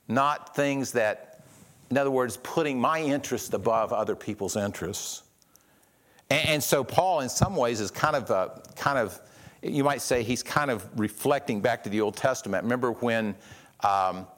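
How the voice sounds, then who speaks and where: A man preaching a sermon in a conversational way, acting out the quotes he tells with changes in his voice. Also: mid-range voice. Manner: conversational, acts out quotes with shifts in voice. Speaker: pastor.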